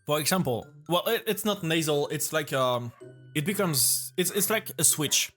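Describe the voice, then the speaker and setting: A man's voice: fairly high pitch, expressive, a bit bright, faint music behind. A man from France with a French accent, reacting to a video and explaining pronunciation casually, with frequent restarts. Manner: halting, restarts often, explains patiently.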